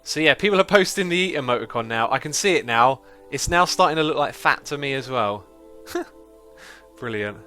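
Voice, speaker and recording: A man's voice: medium pitch, lively intonation, moderate pace, pushed and bright, faint music behind. A man hosting a casual gameplay livestream, chatting away and reading out messages from viewers. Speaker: livestream host.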